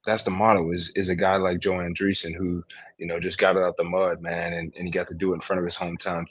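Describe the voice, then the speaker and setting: A man with a fairly low voice tells his stories in a loose, conversational way as a podcast guest, leaning on "man" and "you know" between thoughts. The recording sounds dull and lo-fi. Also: flat delivery, fast talker, breathy edge. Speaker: guest, former player working with team alumni.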